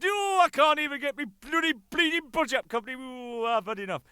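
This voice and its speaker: A man's voice: extremely high pitch, animated, normal speed, pushed and bright, smooth, no echo, pitched above the performer's own voice, exaggerated voice. A man putting on a homesick, grumbling Yorkshireman who moans constantly and swears with "bloody". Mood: furious. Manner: whiny, exasperated, full of "oh" and "bloody".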